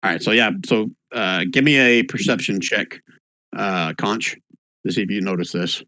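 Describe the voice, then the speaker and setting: A man running an online tabletop game as game master, relaxed and halting, with plenty of fillers, on a computer mic. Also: lowish voice, no room sound. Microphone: computer mic on an online call.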